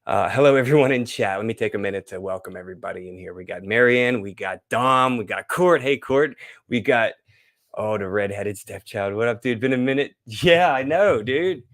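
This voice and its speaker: A man hosting a casual live stream, chatting loosely and reading scripture slowly and dramatically. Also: medium pitch, a bit bright. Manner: loose, rambling, playful.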